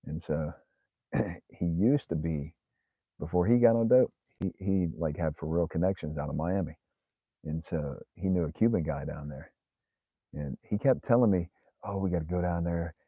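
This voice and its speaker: A man's voice: low voice, moderate pace, dark tone, slightly rough, no echo, dull audio. A man, casually telling a profane story straight to his viewers. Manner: profane, chatty, addresses viewers directly. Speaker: channel host.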